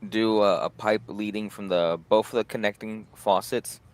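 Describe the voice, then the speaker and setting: A man's voice: fairly low pitch, steady tone, normal speed, clean tone. A man chatting casually and joking in a folksy way. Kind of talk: casual chat.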